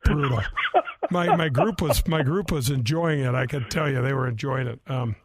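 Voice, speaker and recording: A man's voice: mid-range voice, normal speed, slightly rough, dry recording. A man in his sixties hosting a golf radio show, telling self-mocking stories in a rambling, chatty way. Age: 60s. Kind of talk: casual radio chat.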